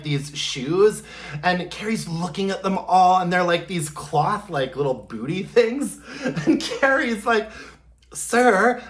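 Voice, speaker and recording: A vlogger giving a casual, rambling recap of a TV episode, with lots of "like"s and spoken sound effects. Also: mid-range voice. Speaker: candle review vlogger.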